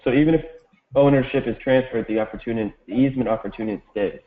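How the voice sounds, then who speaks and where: A man's voice: mid-range voice, rapid-fire, narrow, tinny audio, crowd noise. A man answering as a student in a casual tutoring session, laid-back and hesitant, feeling his way through answers. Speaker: exam student.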